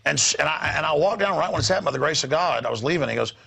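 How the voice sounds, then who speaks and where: A man hosting a talk show, ranting quickly and repeating himself as he acts out other people. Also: a little high, animated, vocal fry, fairly bright tone, husky. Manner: ranting, piles up restarts and acted-out quotes. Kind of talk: fast, animated studio rant. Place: studio.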